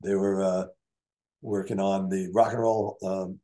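A man's voice: deep voice, unhurried. Older man telling studio stories. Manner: animated anecdotes, acts out dialogue. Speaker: session guitarist, guest. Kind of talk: storytelling in an interview.

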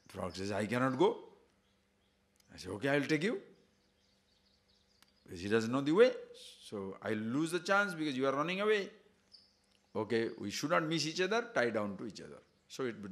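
A man giving a spiritual discourse, telling a fable in an animated way and checking in with his listeners as he goes. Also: lowish voice. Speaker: spiritual teacher.

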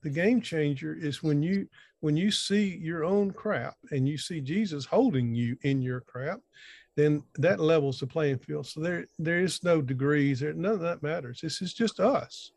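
A man's voice: on the high side, a little slow, vocal fry, a little mellow, dry recording. A middle-aged man giving an informal, sermon-style talk over a video call, folksy and rambling, often restarting his sentences. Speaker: conference speaker.

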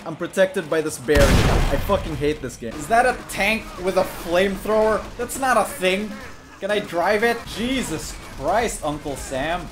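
A young man commentating his video game playthrough, joking and sarcastic and breaking into sudden shouts. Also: fairly high pitch, measured pace. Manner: jokey, sarcastic, bursts into shouts. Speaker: gaming YouTuber. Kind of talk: gameplay commentary. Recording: clear music playing behind.

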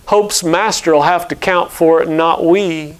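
A humbled, remorseful man speaks slowly and with wonder, as a preacher puts him on. The voice is smooth and clear. It is a story read aloud during a sermon. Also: fairly high pitch, fairly even intonation, close to an everyday voice.

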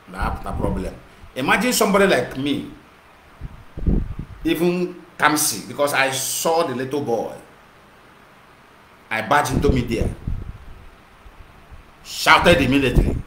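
A man's voice: medium pitch, lively intonation, measured pace, long pauses. A man with a Nigerian Igbo accent giving an impassioned monologue, mixing English and Igbo and repeating himself. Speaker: activist broadcaster. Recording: echoey room with clear noise.

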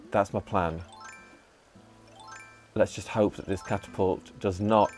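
Male game streamer, lowish voice, chatty and prone to excited outbursts, faint music under him. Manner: chatty, talks to himself and the game characters, excitable bursts. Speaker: gaming channel host. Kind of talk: casual gameplay commentary.

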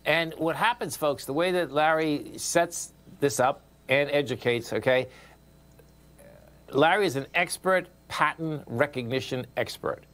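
Male radio host, Boston accent, a touch high-voiced, excitable, repetitive. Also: unhurried. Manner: excitable, repeats himself, talks straight to listeners. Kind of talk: financial radio talk.

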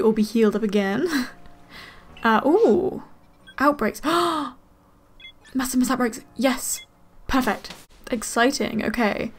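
High-voiced excitable woman gaming. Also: a little hiss or hum. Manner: excitable, gasping, thinking aloud. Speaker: gaming let's player. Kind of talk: casual gameplay commentary. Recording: faint game music behind.

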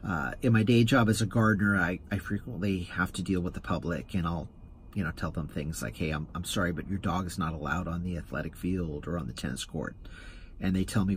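A man's voice: sits low, brisk, slight background noise. A man hosting his own vlog, telling a rambling story with stammering restarts. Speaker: rideshare driver and vlog host. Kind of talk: casual anecdotal vlog monologue.

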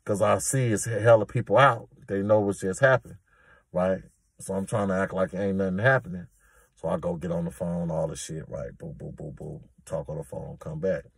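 A man's voice: low-pitched, steady tone, moderate pace, vocal fry, slightly rough, dry recording, soft background music. A man telling a prison story in a casual, emphatic, streetwise way.

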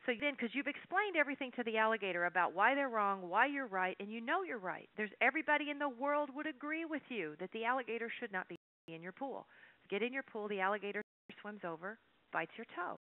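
A woman's voice: fairly high pitch, fairly quick, no echo. Folksy webinar presenter, woman, talks straight to her audience; tinny, dry phone-like audio. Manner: folksy, animated storytelling with asides to the audience. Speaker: workshop presenter. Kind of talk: live webinar lecture.

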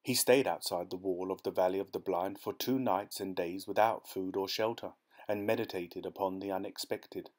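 A man narrating a classic short story as an audiobook, reading in a steady, measured way. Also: low voice. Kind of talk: scripted narration.

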